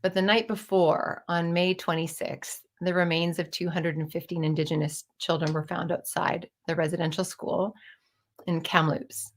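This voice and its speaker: A woman's voice: lowish voice, little pitch movement, moderate pace. Candid fifty-something woman telling stories. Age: 50s. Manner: candid, digressive, swears casually. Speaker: storyteller and playwright. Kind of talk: personal storytelling monologue.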